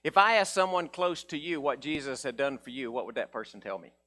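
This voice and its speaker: A man's voice: mid-range voice, a little fast. A male pastor preaching a folksy sermon, acting out the characters' voices. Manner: folksy, animated, acts out voices of Bible characters.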